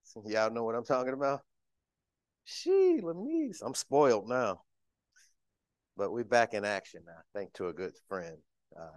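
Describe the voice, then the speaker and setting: A middle-aged deacon preaches in a low, dry voice, folksy and talking straight to the congregation. He is emotional, tearful at times, and keeps things personal and conversational. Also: big pitch swings, moderate pace, no echo. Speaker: church deacon. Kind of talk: sermon.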